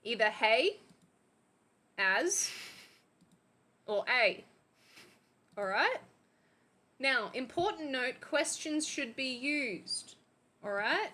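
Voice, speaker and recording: Woman, high voice, slow unhurried delivery, bright tone, giggly and playful. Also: lively intonation. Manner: playful, giggly, mock-teacherly. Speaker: guest teaching Australian slang. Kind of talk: casual stream chat.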